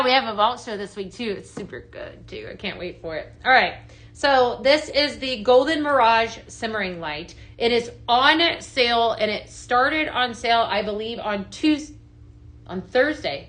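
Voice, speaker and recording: Young woman, bright ringing voice, bubbly live-sale host, chatty catchphrases. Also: fairly high pitch. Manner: bubbly, chatty, repeats "just saying". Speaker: home fragrance seller. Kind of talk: live shopping stream.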